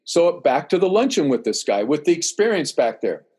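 A man's voice: on the high side, normal speed, slightly rough. An older man telling a long story in casual chat, acting out what others said, with many restarts. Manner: animated, acts out dialogue, rambling restarts.

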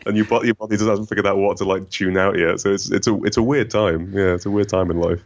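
Deep smooth-voiced guy, bit northern, rambles and restarts a lot, muffled audio. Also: steady tone, quick pace. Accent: faint northern English. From northern England. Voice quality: rich, smooth voice. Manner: rambling, self-deprecating, many restarts. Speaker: guest. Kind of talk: casual conversation.

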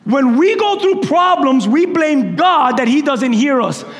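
A man preaching a sermon as the pastor, impassioned, swinging between shouts and hushed lines. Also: extremely high pitch, animated, measured pace, big-room sound.

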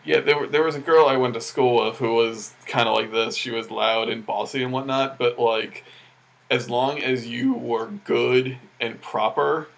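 A man co-hosting a casual chat who talks in a relaxed, anecdotal way. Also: mid-range voice, normal speed, gravelly, poor audio.

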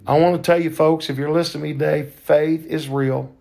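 Fervent older man with gravelly voice. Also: a little high, steady tone, darkish tone. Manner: fervent, preacher-like, drawn-out emphasis. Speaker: podcast host. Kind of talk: faith testimony.

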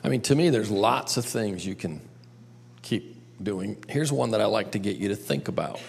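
Gravelly man teaching in a hall. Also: on the low side, animated, normal speed. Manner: coaxing the audience with questions. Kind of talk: storytelling lesson to a group. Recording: long hall reverb.

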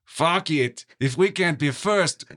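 A man's voice: a little high, slow, fairly bright tone, pitched above the performer's own voice. A man voicing a curt, dismissive male Soviet official in a mock Russian accent that drifts toward Austrian, drawing out his blunt refusals. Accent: put-on Russian, drifting Austrian. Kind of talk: playful podcast skit reading.

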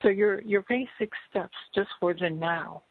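Hoarse host losing their voice, gravelly and husky, halting delivery, dull lo-fi sound. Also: medium pitch, dry recording. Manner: halting, many fillers and throat clearing. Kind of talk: casual talk show interview.

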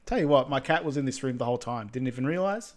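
A man's voice: medium pitch, fast talker. A man co-hosting a podcast, chatting casually and easygoing about a movie scene. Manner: relaxed, easygoing, short agreeing replies. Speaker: podcast co-host. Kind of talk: casual film recap chat.

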